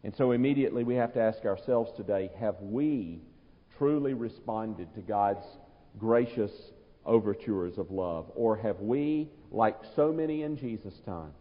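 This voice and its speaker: Preacher with a long church echo. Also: male voice, fairly low pitch, animated. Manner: earnest, emphatic, slows for quoted words. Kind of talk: sermon. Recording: dull sound, long church reverb.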